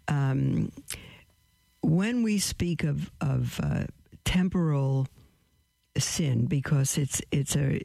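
A man teaches a caller earnestly, pausing and restarting as he explains. His voice sits a little high and has a gravelly texture. The sound is dry and close. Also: mellow, no room sound. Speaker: Catholic radio host answering a caller. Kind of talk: call-in teaching, explaining with a story.

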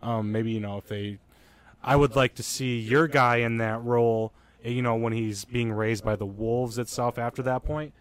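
A man's voice: medium pitch, fairly even intonation, normal speed, clear, resonant tone. A man chatting casually about movies, rambling with many fillers and restarts. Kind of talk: casual podcast chat.

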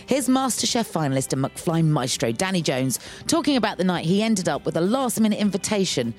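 A woman with a low, lively voice hosts a podcast. She reads the opening with upbeat energy and chats easily with her guest, with faint music underneath. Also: a little fast. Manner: upbeat, chatty, interjects often. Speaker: podcast host. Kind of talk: scripted intro and casual interview.

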